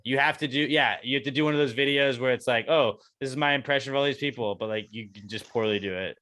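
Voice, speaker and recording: A man hosting casual podcast banter, laughing often and goading the others. His voice is bright and forward. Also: mid-range voice, quick pace, no room sound. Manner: laughing, egging others on, swearing. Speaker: podcast co-host. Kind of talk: casual chat.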